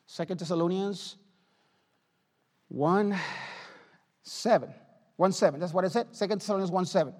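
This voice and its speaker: A man preaching a fervent sermon in a strikingly high voice for a man. He repeats his lines for weight and swings between quiet, sober stretches and loud, pleading ones. His words ring out with a long reverb from a big hall. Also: normal speed, long pauses. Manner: impassioned, repetitive, swings from hushed to loud.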